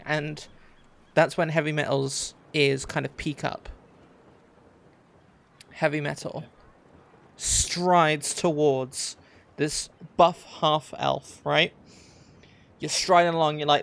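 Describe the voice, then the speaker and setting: A man's voice: a little high, fairly even intonation, measured pace, creaky, pauses often. A man narrating a tabletop pirate adventure as game master, with lots of "um" and "like" as he describes the scene. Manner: hesitant, filler-heavy narration. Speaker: dungeon master.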